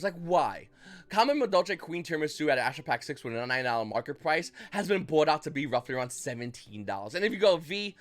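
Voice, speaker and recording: A man's voice: a little high, fairly bright tone. A man hosting a casual trading card market commentary, talking loosely and acting out buyers' reactions in mock voices. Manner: loose, rambling delivery with restarts.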